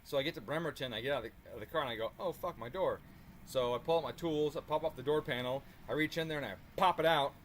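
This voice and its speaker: A man telling a story in a casual, animated way while working on a car, swearing freely and chuckling as he talks. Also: fairly high pitch, rapid-fire, few pauses, a little hiss or hum. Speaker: car tuning channel host.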